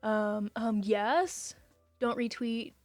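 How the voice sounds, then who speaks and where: A young woman streaming live, chatting casually with viewers and reading their messages, emotional and quick to say she will cry. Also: a little high, fairly even intonation, no room sound, soft background music.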